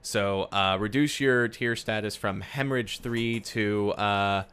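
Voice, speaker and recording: A man with a lowish voice narrates as game master of a tabletop game. He talks casually with many fillers and small restarts as he describes scenes. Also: takes it slowly, fairly bright tone, smooth. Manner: hesitant, filler-heavy narration.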